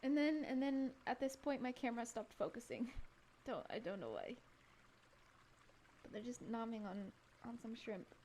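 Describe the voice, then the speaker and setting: A woman's voice: a little high, expressive, normal speed, darkish tone, a little hiss or hum. A woman streamer chatting casually over her travel photos, giggling often and rambling with frequent restarts. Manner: giggly, laughs often between remarks. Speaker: live streamer.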